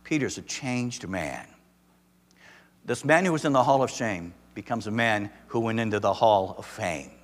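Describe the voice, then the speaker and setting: A man preaching a sermon as a pastor, animated, with emphatic rising peaks and frequent restarts. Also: lowish voice, normal speed. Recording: long reverb of a large hall.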